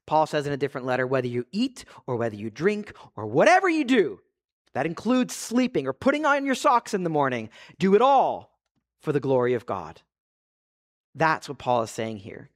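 A man's voice: fairly high pitch, fairly bright tone. A man, a pastor preaching an earnest, conversational sermon full of rhetorical questions.

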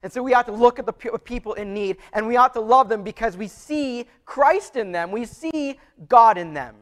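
A man's voice: very high-pitched, moderate pace. A pastor preaching a sermon to his church, earnest and conversational, often restarting his phrases.

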